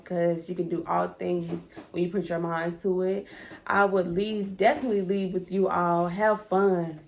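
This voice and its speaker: A woman's voice: lowish voice, gravelly. A young woman, talking straight to her viewers in a chatty, emotional home vlog. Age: young adult. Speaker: vlogger. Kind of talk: casual vlog unboxing.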